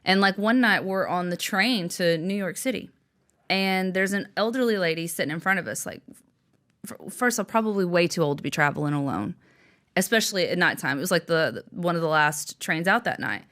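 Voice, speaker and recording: A young adult woman telling a long story as an interview guest, animated and acting out quotes, often laughing. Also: on the low side, fairly quick. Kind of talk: storytelling in conversation.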